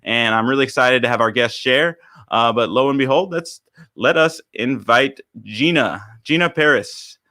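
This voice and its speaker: A man hosting a live online stage show over a video call, enthusiastic and halting as he introduces his guest. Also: medium pitch, pushed and bright, no room sound, clean studio sound. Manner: enthusiastic, halting with fillers and restarts. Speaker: host.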